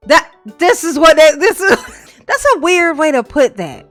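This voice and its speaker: A woman's voice: high-pitched, expressive, normal speed, a bit bright, soft background music. A woman host giving casual, sarcastic commentary as she reads a letter aloud, laughing often and firing off rhetorical questions. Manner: mocking, laughs often, reads lines aloud then reacts; colloquial and chatty, asks rhetorical questions. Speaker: channel host reading and reacting to a letter.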